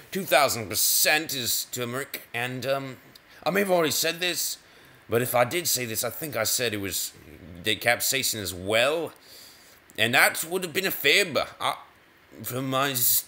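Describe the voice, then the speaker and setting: Slow, bright-voiced rambling gamer man. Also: mid-range voice. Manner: rambling, self-interrupting, playful. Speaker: gaming video host. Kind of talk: casual gameplay commentary.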